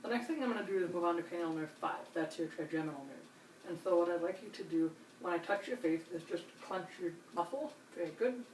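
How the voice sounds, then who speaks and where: A woman examiner demonstrating a neurological check, giving calm step-by-step instructions and reassurance. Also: on the low side, fast talker. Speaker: nurse examiner. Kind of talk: clinical demonstration. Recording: roomy, distant mic, faint hiss.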